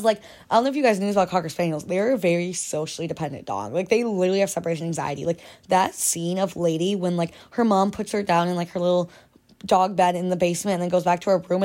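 A woman's voice: on the low side, darkish tone. A young woman in her twenties hosting a podcast, chatting casually and rambling with lots of "like". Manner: rambling, heavy use of filler "like". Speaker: podcast host. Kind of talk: casual chat.

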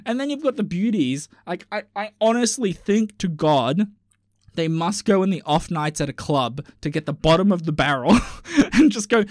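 A man's voice: high voice, sing-song, normal speed, a little mellow, dry recording, clean studio sound. Rambling, swearing man on a solo podcast. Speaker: podcast host. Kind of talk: casual solo podcast rant.

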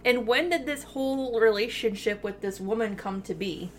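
A woman co-hosting a podcast in casual chat, talking in an animated way with lots of fillers and swearing, eating while she records. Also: fairly high pitch, normal speed, a little hiss or hum. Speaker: podcast co-host.

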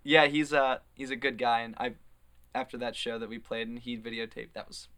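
Bright, clear young man rambling casually. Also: mid-range voice, level tone, a little fast. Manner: rambling, hesitant with many fillers. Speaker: guest musician in a band. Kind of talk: casual conversational chat.

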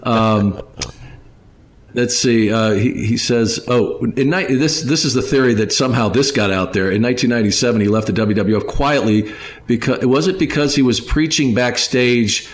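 A man hosting a podcast in casual chat, rambling along with many pauses and restarts and speaking to the listeners as folks. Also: medium pitch. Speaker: podcast host.

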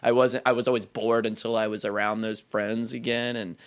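A young man rambles reflectively in casual conversation, leaning heavily on "like" and frequently restarting. His voice is lowish with little pitch movement, fairly quick, clear, and resonant.

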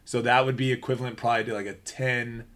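A man hosting a casual sports podcast, talking animatedly and steering the discussion. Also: mid-range voice. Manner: animated, steers the topic, quick asides. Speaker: podcast host.

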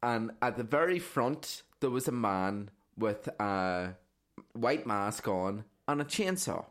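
A man's voice: on the low side, expressive, takes it slowly, fairly bright tone. A man telling rambling stories on a casual podcast, swearing and tagging "right?" onto sentences. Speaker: podcast co-host. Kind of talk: casual storytelling chat.

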